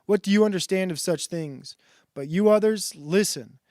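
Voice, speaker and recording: A scornful, bullying male ape from a storybook, talking down to everyone in a slow, sneering drawl, as a man reads him aloud. He sits a bit higher and louder than an everyday voice, pushy and domineering, and the sound is close and dry. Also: no echo, natural voice.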